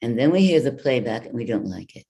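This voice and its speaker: A woman voice coach giving an online workshop over a video call, speaking in a deliberate, instructive way. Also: very deep voice, very animated, dark tone. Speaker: voice and wellness coach.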